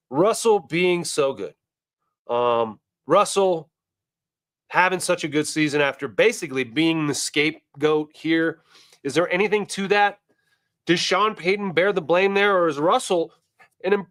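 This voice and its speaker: A man hosting a casual sports show, animated and wisecracking, talking straight to his viewers. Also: fairly high pitch, dry recording, studio quality.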